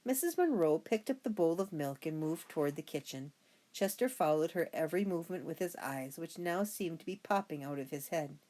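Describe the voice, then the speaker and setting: A woman's voice: deep voice, expressive, a little fast, dark tone. A woman reading a children's storybook aloud, narrating expressively. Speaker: reader.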